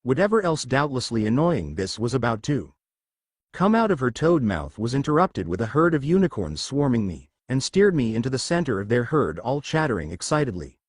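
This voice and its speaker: A man narrating a humorous fan fiction story in a lively reading voice. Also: medium pitch, brisk, breathy edge, no room sound, studio quality.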